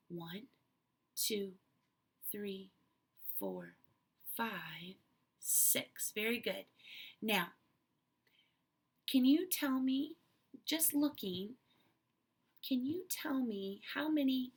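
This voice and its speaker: A woman's voice: on the high side, lively intonation, slow, pauses often, slightly rough. A woman teacher giving an online lesson to young children, cheerful and coaxing with many questions, speaking into a laptop mic.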